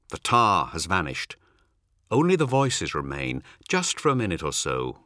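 Deep, slow male audiobook narrator. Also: sharp tone, no echo, studio quality. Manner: measured, dramatic reading. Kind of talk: scripted narration.

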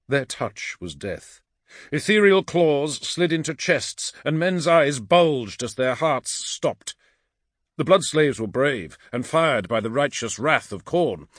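A man reads dark fantasy aloud in a low, dramatic, measured voice. His pitch moves a lot across the lines, and the recording is dry and close. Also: no room sound. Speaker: narrator. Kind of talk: audiobook fantasy narration.

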